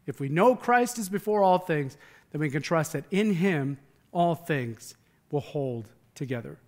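High-voiced man preaching a conversational sermon. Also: animated, measured pace, darkish tone. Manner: earnest, emphatic, with frequent repeated words. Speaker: pastor.

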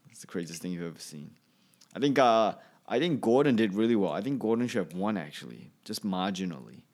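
Here a man with a deep voice speaks briskly, his pitch swinging widely. He's a comedian doing a rambling, offhand solo podcast monologue, frequently dropping a thought midway and beginning again.

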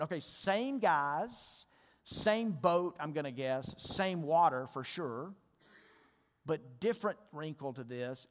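A male pastor giving a sermon in a church, talking conversationally and asking his congregation questions. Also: on the high side. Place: church sanctuary. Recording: long church reverb.

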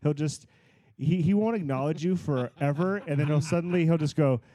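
A man's voice: a little high, brisk, warm tone. A man chatting casually in a laid-back, rambling way. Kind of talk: casual chat.

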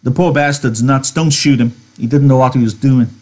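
Man doing an anxious ranch worker, halting pleading speech, husky tone. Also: medium pitch, steady tone, a little mellow, pitched above the performer's own voice, close to an everyday voice. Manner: halting, pleading, stumbling over words.

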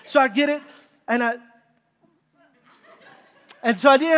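A middle-aged man preaching a sermon, telling a family story with lively asides and calling out questions to the congregation. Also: very high-pitched, measured pace, long pauses. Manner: animated storytelling with audience call-outs. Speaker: pastor.

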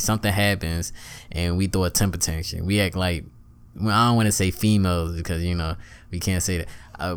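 A man giving a casual motivational monologue, talking conversationally, repeating himself and asking rhetorical questions. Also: deep voice.

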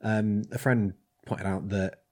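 Rambling blacksmith, lowish voice. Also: male voice, steady tone, slow. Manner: rambling, hesitant with many ums. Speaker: blacksmith, guest. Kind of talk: casual chat.

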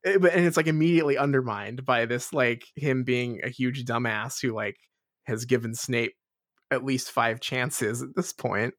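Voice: medium pitch, normal speed, dry recording, studio quality. A podcast co-host rambling through a book discussion, repeating words and laughing often.

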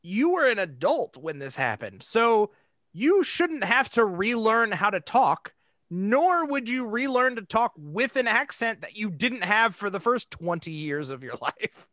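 A man's voice: high-pitched, unhurried, no room sound. Male host, casual storyteller, laughs as he goes; dry, close sound. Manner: animated, laughs through his own story.

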